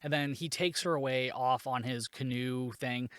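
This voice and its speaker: A man's voice: mid-range voice, moderate pace, fairly bright tone, smooth, no echo. Male podcast host, mid-range voice, sarcastic and profane, dry booth sound. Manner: sarcastic, swears freely, laughs at the plot. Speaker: podcast host reviewing a movie. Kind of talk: casual solo recap.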